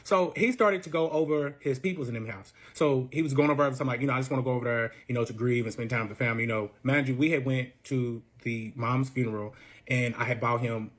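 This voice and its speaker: A young man rattles through a personal story at a brisk, tumbling pace. His talk is casual and full of swearing. He acts out the people he quotes by lifting his voice. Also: mid-range voice. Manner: profane, animated, acts out quotes in a raised voice. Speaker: storyteller guest.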